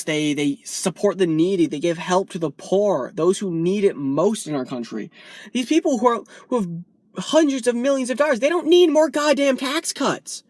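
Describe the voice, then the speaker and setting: A woman's voice: fairly low pitch, darkish tone, dry recording, studio quality. A woman vlogger delivering a heated, profane political rant, from the United States.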